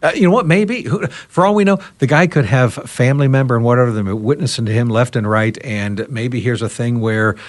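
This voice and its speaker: Radio host guy telling a story, does both voices in the chat, mid pitch. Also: fairly quick, few pauses. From United States. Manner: storytelling, acting out both sides of a conversation. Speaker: radio talk show host. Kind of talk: roundtable podcast discussion.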